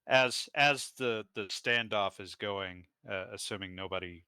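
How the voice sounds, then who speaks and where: A man's voice: on the low side, unhurried, sharp tone, smooth, no room sound, studio quality. A man playing a tabletop game, describing his character's actions in third person. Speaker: player. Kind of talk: casual tabletop role-play.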